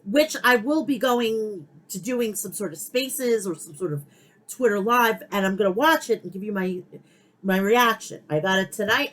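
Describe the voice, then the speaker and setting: A middle-aged woman with a medium-pitched voice hosts a podcast where she bluntly and heatedly rants her pro wrestling opinions, swearing heavily. The recording quality is low.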